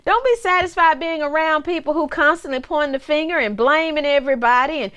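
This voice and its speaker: Woman in her 40s preaching casual, pretty high voice, lots of repeats and restarts, jokes with the cameraman. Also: a little fast, hardly any pauses, sharp tone. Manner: conversational and playful, with laughter and asides to the cameraman; repeats words and restarts often. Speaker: minister. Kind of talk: casual teaching sermon.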